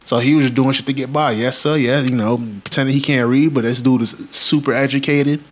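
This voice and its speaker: A man's voice: mid-range voice, fairly even intonation, a little fast. A man retelling a story in casual, slangy chat as a podcast host. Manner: slangy, laid-back storyteller.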